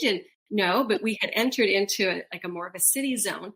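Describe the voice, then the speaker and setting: A middle-aged woman talks a little fast in a mid-range voice while co-hosting a casual podcast. She acts out quoted voices with laughter as she tells lively stories.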